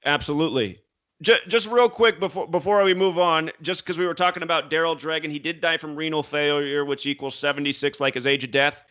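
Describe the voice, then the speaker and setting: A man's voice: on the high side, fairly even intonation, brisk, fairly bright tone. A man in his thirties, a talk show guest, explaining intently and reeling off numbers and dates. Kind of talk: conversational interview talk.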